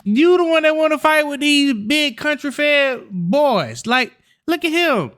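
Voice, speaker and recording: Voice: sits high, very animated, a little slow, a bit bright. A reaction video host giving casual, slangy, joking commentary over footage.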